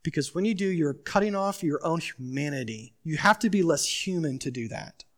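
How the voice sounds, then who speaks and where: A man preaching a sermon as pastor, emphatic, asking the congregation questions and swinging from loud urgency to quiet pleading. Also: on the high side, expressive, normal speed.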